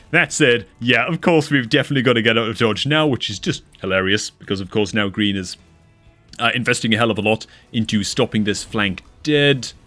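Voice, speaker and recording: A man at a desk mic casts a strategy game replay in a mid-pitched voice, excitable and quick to exclaim. He keeps calling his listeners dude and man as he reacts to the action. Faint music plays beneath his voice. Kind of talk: excitable gameplay commentary.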